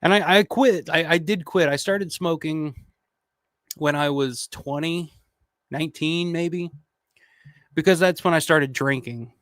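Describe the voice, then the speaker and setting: A man in his thirties rambles through viewer comments on a casual livestream, swearing plenty and restarting often. He speaks at a measured pace with long pauses, his voice a little high and fairly bright, in a studio-quality recording with no room sound.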